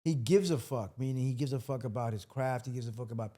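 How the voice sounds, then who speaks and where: Comedian guest, mellow warm male voice, animated storyteller, casual podcast talk. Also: medium pitch, fast talker. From Washington, D.C. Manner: storytelling, acts out quotes loudly.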